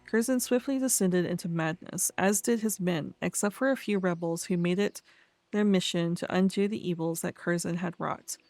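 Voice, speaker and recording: A woman's voice: fairly low pitch, moderate pace, a little mellow, dry recording. Chatty woman reading quest text. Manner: chatty, laughs often, stumbles over fantasy names. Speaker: let's play host. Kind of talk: casual gameplay commentary, reading quest text aloud.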